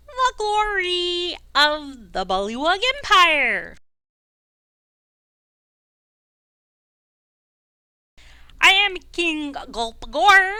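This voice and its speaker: A woman doing a Bullywug King, high and warbly. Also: pushed and bright, no room sound, full character voice. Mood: grandiose. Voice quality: warbly, slow. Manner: grandiose, booming proclamations. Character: pompous warbly frog-riding bullywug king, male.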